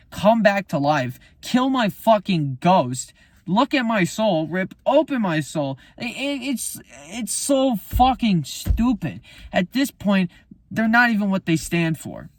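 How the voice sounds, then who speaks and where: A man's voice: a little high, no echo. A man, a musician, talking about his album in a casual, profane, heated rant. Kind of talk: casual unscripted monologue.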